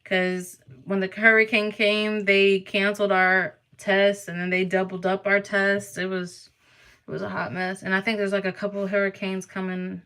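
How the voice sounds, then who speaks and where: A woman's voice: mid-range voice, flat delivery, moderate pace, bright, forceful tone, smooth. A young woman from Florida chatting casually with her viewers and greeting people in the chat. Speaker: vlogger. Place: near Atlanta.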